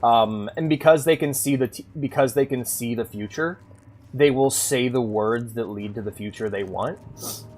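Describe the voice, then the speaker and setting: A man's voice: mid-range voice, moderate pace, a little mellow. Young man, mid-range voice, casual streamer who rambles to his chat. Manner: rambling, talks to chat with many likes and restarts. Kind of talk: casual live-stream chat while gaming.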